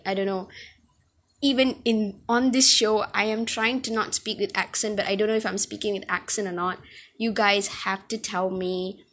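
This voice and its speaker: A woman's voice: mid-range voice, a bit bright. A woman hosting a casual solo podcast from home, talking in a hesitant way and often tripping over her words. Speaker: podcast host.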